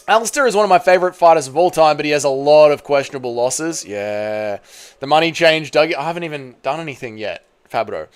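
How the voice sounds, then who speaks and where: This Australian man streams live, swearing freely as he reacts and chats casually with his audience. His voice is a little high, with lively intonation and a clean tone, and he talks fast over faint background music.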